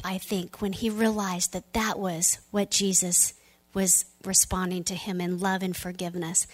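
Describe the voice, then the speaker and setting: A woman pastor preaching a sermon, telling the story with animated delivery and dropping into soft, near-whispered moments. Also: mid-range voice, no room sound.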